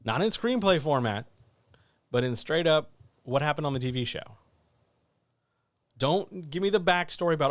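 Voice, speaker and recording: A man's voice: fairly high pitch, lively intonation, normal speed, pauses often, no echo. A man hosting a casual writing chat, teaching with blunt, wry emphasis and lots of repetition. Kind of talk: casual instructional talk.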